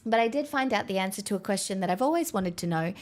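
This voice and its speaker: A woman's voice: mid-range voice, lively intonation, quick pace. A young woman chatting casually on a live stream, rambling and swearing with exasperated asides. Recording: faint music behind.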